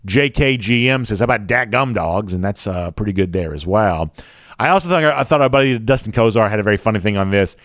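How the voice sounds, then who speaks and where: A man's voice: lowish voice, lively intonation, brisk, no room sound, studio quality. A man with a Southern accent hosting a sports show, chatting casually and reading viewer comments with lots of fillers. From American South.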